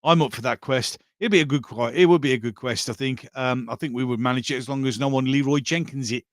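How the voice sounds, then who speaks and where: A man's voice: medium pitch, fast talker, no echo. Rambling male live-stream host, dry sound. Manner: rambling, with many fillers and restarts. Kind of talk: casual live chat reading viewer comments.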